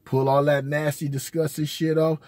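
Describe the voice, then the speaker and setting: A man's voice: a little high, level tone, normal speed, darkish tone, no room sound. A man, host of his own channel, telling casual, rambling, profane stories full of slang. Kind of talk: casual storytelling.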